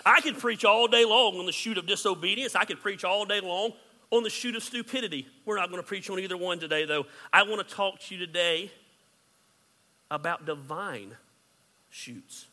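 A man preaching a sermon as pastor, candid and joking, swinging between loud emphasis and hushed asides. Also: high-pitched, moderate pace, in a large hall.

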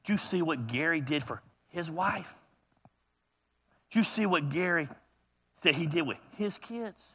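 A man's voice: on the high side, expressive, unhurried, pushed and bright, slightly rough. A man preaching a humorous, storytelling sermon as a pastor, joking and teasing his congregation. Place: church auditorium.

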